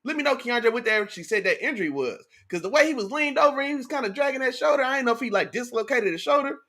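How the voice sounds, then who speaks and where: A man's voice: extremely high pitch, animated, fast, bright, forceful tone. A young man hosting a casual sports livestream, hyped and slangy, calling out his chat viewers. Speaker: sports talk livestream host.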